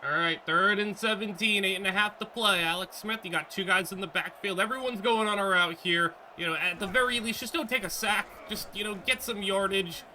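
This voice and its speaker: A man giving excitable let's-play commentary on a football video game, reacting aloud to each play. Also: high-pitched, background noise. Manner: excitable, talks back to the game. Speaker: gaming YouTuber.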